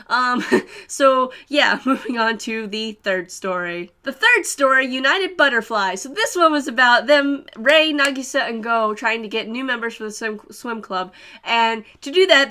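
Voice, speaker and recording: Young woman rambling excitedly w lots of um and like, bright highish voice. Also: normal speed. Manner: giggly, rambling, many fillers and laughs. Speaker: anime reviewer. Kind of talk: casual spoiler review.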